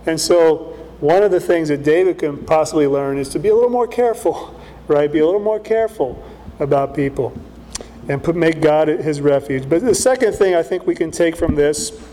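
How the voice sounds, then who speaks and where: A man's voice: a little high, normal speed, mellow, slight background noise. A man preaching a conversational sermon as a pastor, often checking in with "right?", in a church hall.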